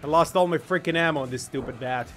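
A man streaming a video game, giving excitable live commentary that swings between mumbling asides and shouts at the screen. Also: fairly high pitch, quick pace. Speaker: gaming streamer. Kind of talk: live let's-play commentary. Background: game music.

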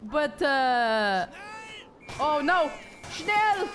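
Lady streamer reacting to a horror game, high voice, jokey and sweary. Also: measured pace, a little hiss or hum. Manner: excitable, jokey, swears a lot. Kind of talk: casual live-stream commentary.

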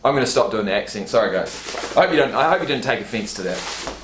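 A man's voice: medium pitch, animated, fast talker, background noise. Chatty male vlogger, roomy echo. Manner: chatty, reads card stats aloud, swears casually. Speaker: YouTube vlogger. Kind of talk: casual unboxing vlog.

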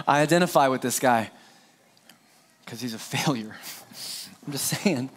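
A man's voice: medium pitch, unhurried, long pauses, breathy edge. A middle-aged pastor preaching an Easter sermon to his congregation, joking and speaking to them directly. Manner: playful, joking asides, talks straight to the congregation.

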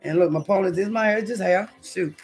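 Faint music plays behind a woman with a mid-range, darkish voice who talks fast. Hosting a casual livestream in her home kitchen with a scratchy throat, she reads the chat and chats in slang, addressing viewers as y'all.

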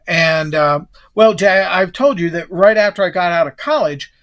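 A man with a voice a touch higher than most, talking casually as a podcast guest. He wanders from point to point and often restarts his sentences before finishing a thought. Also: moderate pace, a bit bright. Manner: rambling, restarts and trails off. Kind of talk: casual chat.

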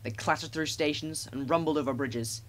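A man's voice: fairly high pitch, moderate pace, fairly bright tone. Man narrating a children's storybook. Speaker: audiobook narrator.

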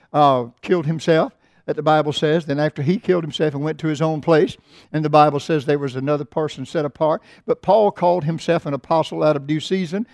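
A middle-aged man preaching a sermon in church, swelling loud and slow on scripture and dropping low for asides. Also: no echo, clean studio sound. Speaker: pastor. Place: church sanctuary.

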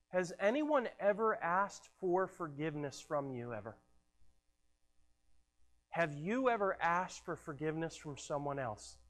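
A man preaching a sermon as pastor, earnest and stumbling over repeated words as he presses his point. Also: sits high. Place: church sanctuary. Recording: long hall reverb.

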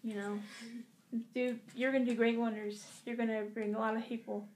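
Young woman, vlogger, fairly high voice, earnest, halting, lots of restarts. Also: little pitch movement, a little hiss or hum. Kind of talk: casual heartfelt address to camera. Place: hotel room.

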